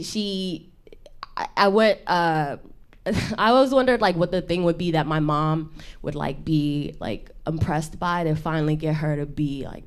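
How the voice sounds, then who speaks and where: A young woman talks through a stand-up set in a low, dusky voice. She is chatty and self-deprecating, and she laughs between her jokes. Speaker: stand-up comedian. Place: intimate studio stage with audience.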